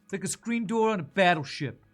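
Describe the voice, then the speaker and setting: A man doing a loud, sneering teenage bully with a New York accent, firing off mocking insults. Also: sits high, lively intonation, fairly quick, faint music behind, voice pushed up. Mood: taunting. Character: loud brash male bully teenager, taunting.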